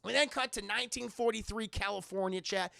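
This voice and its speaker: A man's voice: high-pitched, brisk, creaky, noisy background. A man reviewing a film live, rambling casually with lots of swearing and asides to his chat. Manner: rambling, profane, addresses chat.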